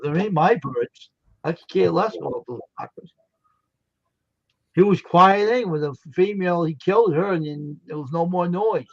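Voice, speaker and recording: A man's voice: high-pitched, normal speed, gravelly, dry recording. Laughing storyteller man, muffled dry audio. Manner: laughing, animated storyteller with crude language. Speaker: livestream co-host. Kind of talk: casual storytelling chat.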